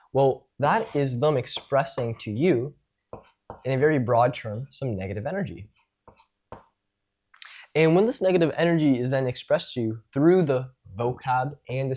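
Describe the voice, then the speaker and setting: A man's voice: medium pitch, a little mellow. Man explaining in a casual lecture. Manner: talks things through, demonstrating tones of voice. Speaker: social skills teacher.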